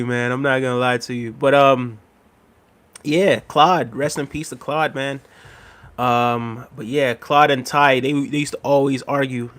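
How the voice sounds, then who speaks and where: A man chatting casually on a live stream, reading out chat messages, repeating himself and laughing often. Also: mid-range voice.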